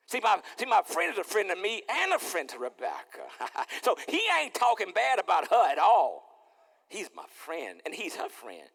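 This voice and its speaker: A man preaching as pastor in a lively, playful sermon, acting out little scenes and repeating his words. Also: high voice, moderate pace, vocal fry, long reverb tail. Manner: animated, playful, repeats words, acts out dialogue. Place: church sanctuary.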